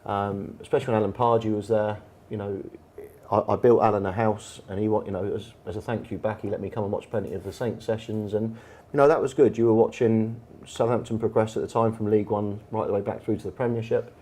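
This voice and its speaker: An English football manager in a live on-stage conversation at a bar event, telling stories in a chatty, anecdotal way with plenty of fillers. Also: male voice, lowish voice, steady tone, fast, dark tone. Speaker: football manager and guest speaker. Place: bar event room with an audience.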